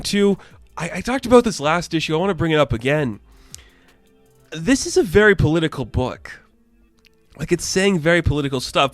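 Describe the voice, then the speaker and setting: A man's voice: a little high, dry recording. A young man giving a casual, enthusiastic and rambling video review as the channel host. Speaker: comic book reviewer.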